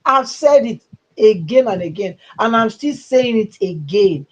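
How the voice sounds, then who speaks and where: A woman with a Nigerian English accent hosts a livestream on her channel, her mid-range voice husky and expressive at a measured pace over lo-fi sound. Her political commentary is emphatic and rambling, with a mocking edge.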